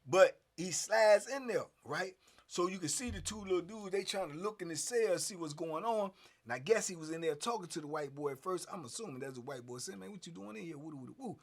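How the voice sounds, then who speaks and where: A middle-aged man telling a story in casual streetwise slang, animated and acting out the scenes. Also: sits high, fairly quick.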